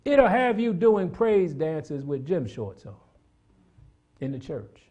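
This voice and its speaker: Husky preacher guy, voice jumps all over, loud then real quiet, keeps asking the church questions. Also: very animated, slow pace, lo-fi sound. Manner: swings from loud emphatic bursts to low hushed asides; rhetorical questions to the congregation. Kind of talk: sermon.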